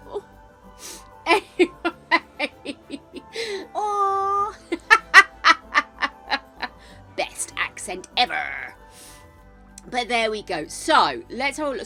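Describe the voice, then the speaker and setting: A woman's voice: lowish voice, fairly bright tone. An older woman streaming a game, chatting casually and calling her viewers darlings and gorgeous ones. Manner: chatty, showers viewers with endearments. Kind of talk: casual live-stream chat.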